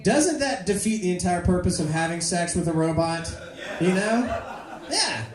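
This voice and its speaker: A woman doing a rambling, profane stand-up comedy set, breaking into loud shouted bits. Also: lowish voice, animated, normal speed. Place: comedy club with audience. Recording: echoey club room with crowd.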